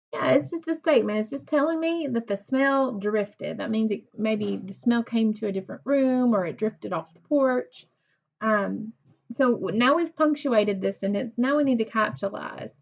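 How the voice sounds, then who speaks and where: A woman teaching a recorded reading lesson to young children, speaking slowly and patiently, praising and asking questions of pupils who aren't there. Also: on the high side, gravelly, highs cut off. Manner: slow, patient, encouraging, asks questions to unseen pupils.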